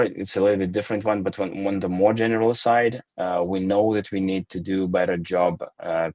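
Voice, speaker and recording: A company founder answering audience questions in a live Q&A, talking in a measured, hesitant way with many fillers and restarts. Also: male voice, low voice, no room sound. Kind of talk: live Q&A session.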